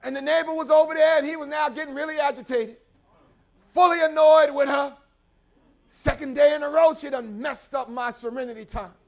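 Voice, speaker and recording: A man preaching a story-driven sermon in a church, calling for responses and building to shouted praise. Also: very high voice, steady tone, brisk, vocal fry.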